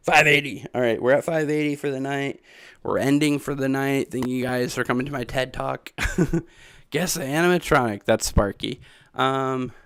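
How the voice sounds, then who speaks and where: A man's voice: mid-range voice, a bit bright, smooth, no echo. Rambling streamer man, dry close mic. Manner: rambling, laughs often, reacts to chat. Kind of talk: casual live-stream chat.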